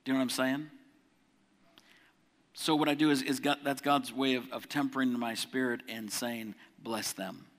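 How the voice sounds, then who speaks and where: A man preaching a sermon as pastor, reading scripture with rising force and then dropping his voice low for personal stories. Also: steady tone, normal speed. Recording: long reverb of a church hall.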